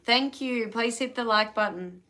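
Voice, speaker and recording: Australian woman, tarot reader on a live stream, chatty and relaxed, bright tone. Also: fairly high pitch, a little slow. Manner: chatty, talks to live viewers between readings.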